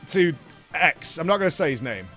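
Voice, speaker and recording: Male streamer host, fairly high voice, casual and profane, faint music underneath. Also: very animated, normal speed, bright, forceful tone. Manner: rambling, profane, breaks off to thank viewers. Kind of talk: casual live-stream storytelling.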